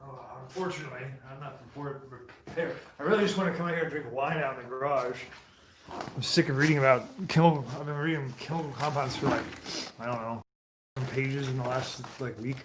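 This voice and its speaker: A man's voice: medium pitch, steady tone, fairly quick, background noise. A man talking casually in a rambling, profane monologue from his home garage, with laughing asides. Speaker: streamer. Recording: roomy echo.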